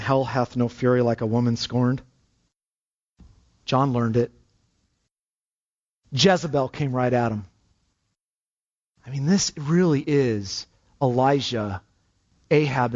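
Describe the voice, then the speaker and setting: A man's voice: medium pitch, darkish tone, highs cut off. A man preaching a sermon, emphatic and repeating his key phrases for weight.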